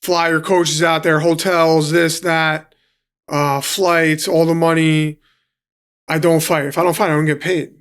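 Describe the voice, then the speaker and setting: A professional fighter from New York City, appearing as a guest, tells his story casually in a slightly high, bright, smooth voice. His delivery is flat and measured, and he swears freely while acting out what others said.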